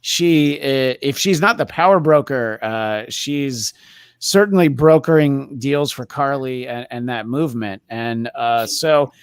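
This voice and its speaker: Guy hosting a movie chat show, smooth clear voice, dry close sound, lots of uhs and restarts. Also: mid-range voice, dry recording. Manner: halting, lots of fillers and restarts. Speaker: podcast host. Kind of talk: casual movie discussion.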